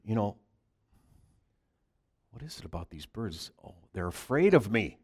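A man telling a Christmas Eve story as a preacher, in a soft, halting way that drops to a hush. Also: fairly low pitch, sing-song, breathy edge.

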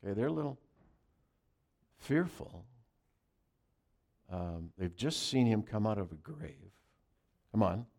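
A male pastor preaching a sermon, pressing key phrases hard and then dropping into quiet asides. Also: on the low side, sing-song, slow, gravelly, pauses often.

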